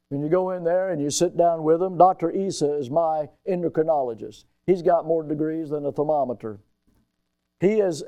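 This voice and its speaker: A middle-aged male pastor preaching a sermon in a church, with emphatic delivery that slows and rises on quoted scripture. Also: high voice, warm tone. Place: church sanctuary.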